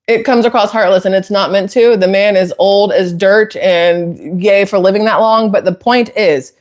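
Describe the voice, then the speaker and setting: Woman host, heated emphatic rant, mid pitch, swings into outraged high bursts. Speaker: political commentary host. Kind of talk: casual opinion talk with viewers.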